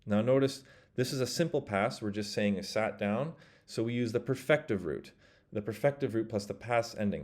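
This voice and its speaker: A man teaching a casual spoken language lesson, explaining grammar step by step and saying example phrases slowly so the learner can repeat them. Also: on the low side, a little mellow. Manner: explains step by step, models phrases slowly and leaves pauses for practice.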